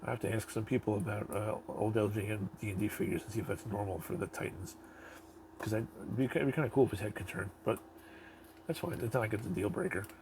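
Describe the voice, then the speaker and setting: Gravelly-voiced man reviewing toys casually. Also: on the low side, fast talker, noisy background. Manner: rambling, offhand, swears casually. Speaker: toy reviewer.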